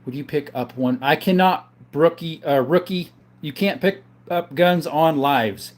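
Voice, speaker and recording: A man hosting a casual livestream, reading viewers' chat names aloud and answering them in a relaxed, easygoing way. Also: fairly high pitch, unhurried. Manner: calls viewers brother. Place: home, in front of a counter.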